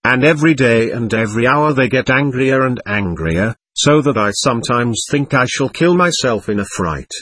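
A man reading as a sly, husky servant. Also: medium pitch, expressive, fairly bright tone, no echo. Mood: complaining. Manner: deliberate, affectedly polite. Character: sly, servile male manservant, insinuating.

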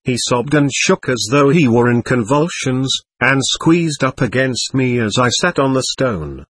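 A man's voice: mid-range voice, expressive, measured pace, a bit bright, breathy edge, dry recording. A man voicing a poor, proud, grieving captain who tells his story with bitter emotion.

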